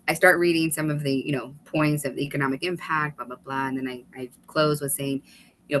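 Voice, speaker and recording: A woman guest on a video call webinar, telling an animated story with quick asides and laughter. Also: low voice, a little hiss or hum, low-quality recording. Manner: animated, fast-paced storytelling with laughs and restarts. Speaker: guest, author and former state legislator.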